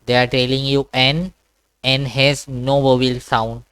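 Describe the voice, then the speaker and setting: A man's voice: mid-range voice, little pitch movement, measured pace, fairly bright tone, clear, resonant tone. A man teaching Quran reading in an online one-to-one class over a video call, patiently repeating sounds and checking understanding.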